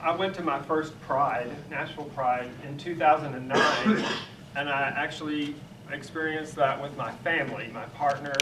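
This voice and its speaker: A middle-aged man telling family anecdotes at a church panel, laughing often. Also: medium pitch. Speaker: drag nun guest. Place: large echoey church sanctuary. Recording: echoey room, distant mic, background noise.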